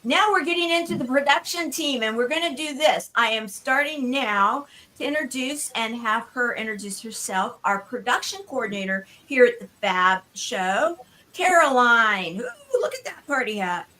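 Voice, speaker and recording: Bubbly party host lady on a video call, bright voice, kinda high. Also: expressive, normal speed. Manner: bubbly, effusive, calls on guests. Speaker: show host. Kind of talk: live online party show hosting.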